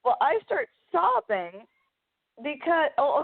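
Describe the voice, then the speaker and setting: A young woman hosting a podcast, with a medium-pitched voice at a moderate pace, rambles through a story in casual chat, restarting often and growing emotional. The audio is narrow-band, like a phone.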